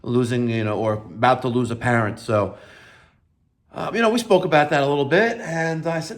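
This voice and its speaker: A man's voice: on the high side, expressive, normal speed, fairly bright tone. A middle-aged man from New York who owns a plumbing business, talking unscripted with lots of fillers and self-corrections. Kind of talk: unscripted video talk.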